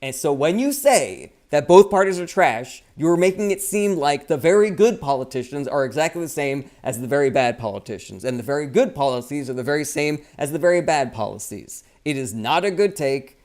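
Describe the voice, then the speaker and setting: A man's voice: fairly high pitch, lively intonation, brisk, hardly any pauses, darkish tone. Blunt, profane young man chatting live. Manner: blunt, profane, reads viewer comments aloud and replies. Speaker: livestream host answering chat questions. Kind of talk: casual live chat Q&A.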